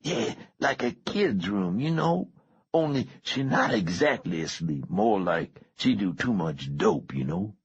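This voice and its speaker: A boastful teenage gang boy with a sore throat, voiced by a man, speaks in a hoarse, husky street drawl. He stretches his words out slowly. The audiobook recording sounds dull and lo-fi. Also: on the low side, lively intonation, dry recording, pitched above the performer's own voice, heavily acted. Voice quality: husky whisper, street slang.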